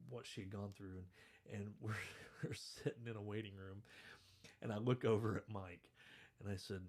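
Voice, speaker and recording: The podcast host here has a fairly low, darkish voice with fairly even intonation and a normal pace. His casual storytelling chat wanders and pokes fun at himself, and he keeps laughing as he talks.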